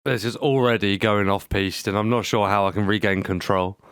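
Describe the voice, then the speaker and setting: A man's voice: on the low side, fairly even intonation, brisk, fairly bright tone, smooth, dry recording. A man hosting a podcast in casual chat, joking around playfully and laughing a lot. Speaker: podcast host.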